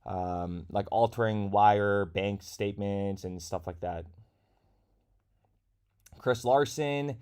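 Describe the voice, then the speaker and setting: Low-voiced man hosting a casual livestream. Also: slow, long pauses, a little mellow, clean tone. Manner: chatty, reads viewer comments aloud. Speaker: crypto livestream host.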